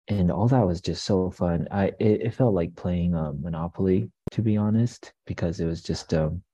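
A young man and coffee shop owner, telling stories in a relaxed, rambling way with many fillers and restarts. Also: deep voice, no room sound. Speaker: guest, coffee business owner. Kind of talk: casual interview storytelling.

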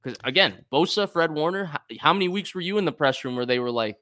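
A man's voice: a little high, animated, quick pace, hardly any pauses, sharp tone. A man co-hosting a sports talk show, laying out his arguments point by point in an analytical way. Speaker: co-host, football analyst.

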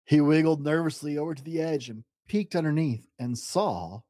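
A man hosting a storytime show, reading a children's picture book aloud with dramatic pauses. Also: no room sound, clean studio sound. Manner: expressive, dramatic pauses, lively pitch. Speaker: storytime podcast host and reader. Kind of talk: bedtime story read-aloud.

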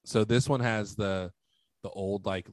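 A man's voice: lowish voice, fairly even intonation, a little slow, a little mellow, no echo. A man co-hosting a podcast in casual chat, joking and emphatic as he tells stories. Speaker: podcast co-host.

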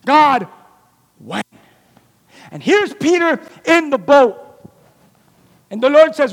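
A man's voice: extremely high pitch, lively intonation, slow pace, pauses often. A middle-aged man pastor preaching a sermon, calling out to the congregation and acting out dialogue between characters. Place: church sanctuary. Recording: long hall reverb.

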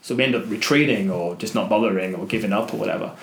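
A man guesting on a podcast, telling an adventure story in an animated way, acting out voices and restarting his sentences. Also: fairly low pitch, fast, roomy sound. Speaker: guest, adventurer and motivational speaker.

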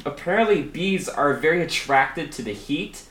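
A man's voice: a little high, moderate pace. Laughing storyteller guy in a roomy room. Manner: animated, laughs often while telling stories. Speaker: podcast guest, photographer. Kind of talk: casual storytelling chat. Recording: roomy echo, faint background noise.

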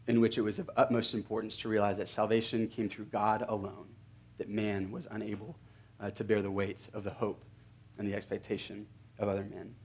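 A man delivers a sermon from the pulpit in a fairly low voice. He speaks earnestly and leans into repeated words for emphasis. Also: breathy edge. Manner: earnest, builds to emphatic repetition. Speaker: pastor.

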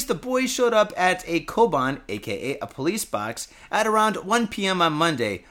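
Crude, rambling podcast host, slightly high voice. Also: male voice, fairly bright tone. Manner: reads news stories aloud with joking asides. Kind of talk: casual profane commentary.

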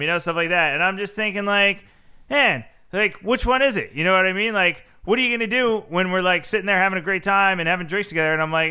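A man's voice: high-pitched, bright, forceful tone, clean tone. A man hosting a podcast, ranting in a casual, heated way, swearing often and filling his speech with "like" and "you know.". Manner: profane, heated, fast-talking, lots of fillers. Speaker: podcast host. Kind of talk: casual conversational rant.

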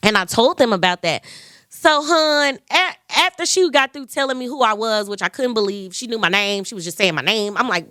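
A young woman tells a story in a bright, forceful voice, higher than most. She gushes and acts out every quote. The sound is close and dry. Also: a little fast, smooth, dry recording. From Memphis, Tennessee. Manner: gushing, animated, quotes others. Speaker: podcast host. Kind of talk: excited storytelling vlog.

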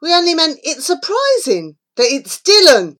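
A woman's voice: extremely high pitch, wildly swooping pitch, normal speed, a bit bright, voice pushed up, heavily acted. A woman voicing an earnest, bossy schoolgirl who patiently explains her plans in a children's audiobook.

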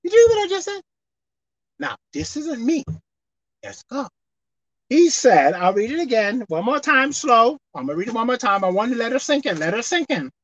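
A woman preaching a sermon, emphatic, swinging between loud exhortation and quiet asides, slowing down to read scripture. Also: a little high, very animated, no room sound, rough recording.

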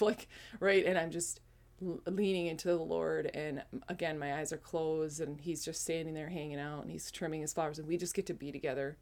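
A woman's voice: deep voice, flat delivery, fairly quick, darkish tone. A woman in her forties telling a casual personal testimony, rambling with frequent self-corrections. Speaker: speaker sharing a spiritual testimony.

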